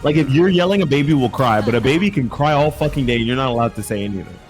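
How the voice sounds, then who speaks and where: A man doing casual, jokey esports commentary on a fighting game tournament, excitable and full of swearing. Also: medium pitch, fast, soft background music.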